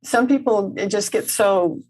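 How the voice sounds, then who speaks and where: A woman guest on a podcast, telling stories gently with frequent restarts and light laughs. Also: mid-range voice, a little slow, a loud crowd, poor audio. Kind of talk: conversational interview.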